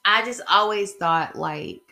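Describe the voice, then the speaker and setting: Bright-voiced woman vlogging casually. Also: medium pitch, takes it slowly, creaky. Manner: rambling, conversational, emphatic. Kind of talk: casual opinion vlog.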